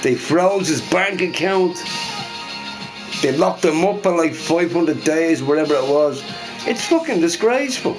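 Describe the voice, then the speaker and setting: A drunk Irish man with a Dublin accent holds forth in a slow, dragging rant. His voice sits a little high, and he swears and circles back over the same points. Faint music plays behind him. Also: lively intonation, rough recording. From Ireland. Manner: heated, profane, repeats himself. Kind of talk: ranting monologue.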